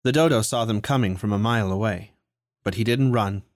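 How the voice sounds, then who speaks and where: Man narrating a storybook, lowish voice, dry close mic. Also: fairly quick, no echo. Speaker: audiobook reader.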